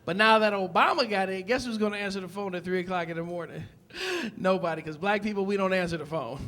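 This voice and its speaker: A man from Detroit doing a stand-up comedy set on a club stage, with a loud, punchy delivery that acts out characters. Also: high voice, quick pace.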